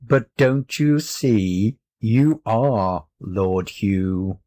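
A sly male cat from a storybook, smug and teasing, as a man reads him aloud. He drawls his words at a very slow, relishing pace. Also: on the low side, lively intonation, warm tone.

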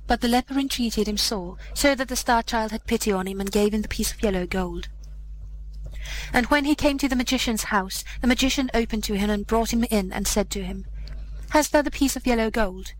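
A woman's voice: a little high, slight background noise, rough recording. Woman reading an old fairy tale aloud. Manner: measured, old-fashioned storybook reading. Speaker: storyteller.

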